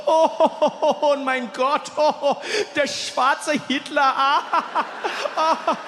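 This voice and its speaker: A man's voice: very high voice, a little fast, slight background noise, voice pushed up. A man voicing a jovial German friend with a German accent who over-explains and laughs at his own jokes, told as stand-up. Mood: gleeful. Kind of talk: stand-up storytelling. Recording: echoey hall, live venue.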